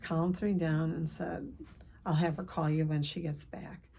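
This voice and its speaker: An older woman speaks straight to her viewers in a slightly low voice, sharing a painful family story. She is earnest and emotional, rambling a little, pausing and restarting her sentences as she goes. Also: flat delivery, vocal fry, mellow, a little hiss or hum. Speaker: counselor vlogger. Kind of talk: personal storytelling to camera.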